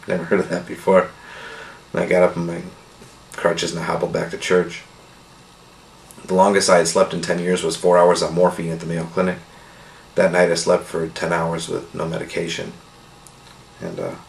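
A middle-aged man telling his healing testimony in a casual, earnest, rambling way, full of "you know" and soft laughs. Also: low voice, vocal fry. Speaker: testimony speaker. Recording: echoey room with faint noise.

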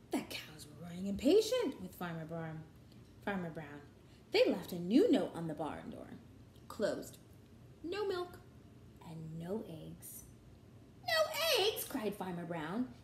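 A woman teacher reading a children's picture book aloud in a sing-song, expressive way. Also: slight background noise. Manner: sing-song, highly animated, slow and expressive. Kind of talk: storybook read-aloud for children. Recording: echoey room.

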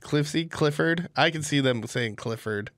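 A man's voice: on the high side, moderate pace, fairly bright tone, no echo, clean studio sound. A man co-hosting a comedy podcast, trading crude jokes and laughing at his own lines. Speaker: podcast co-host. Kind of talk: casual comedic banter.

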